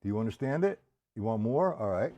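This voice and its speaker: A man's voice: on the low side, sing-song, brisk, dark tone, lo-fi sound. A man teaching a live-streamed drum lesson, breaking patterns down step by step, counting beats aloud and speaking to viewers by name.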